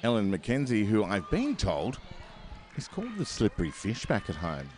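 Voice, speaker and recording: An Australian man calls a roller derby bout over a headset mic. His voice sits very low, and he rambles chattily between plays, with lots of fillers and self-deprecating asides. A faint hum of background noise sits under the call. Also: wildly swooping pitch, moderate pace, darkish tone. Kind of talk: live sports commentary.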